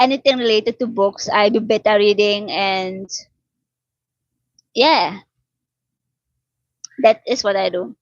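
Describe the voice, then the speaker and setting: A woman's voice: mid-range voice, no room sound. A woman from Suriname hosting a casual live chat, answering viewers' comments and teasing them. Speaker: livestream host chatting with viewers. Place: home in Delhi. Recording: dull dry lo-fi audio.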